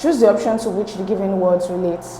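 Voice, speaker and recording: A woman's voice: medium pitch, fast talker, mellow, roomy sound, slight background noise, low-quality recording. A woman explaining exam questions step by step as a tutor, repeating key points.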